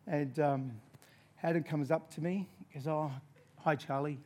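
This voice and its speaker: Australian male preacher, slightly higher voice, animated storyteller. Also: moderate pace. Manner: animated storyteller, laughing through the tale. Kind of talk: sermon with a personal story.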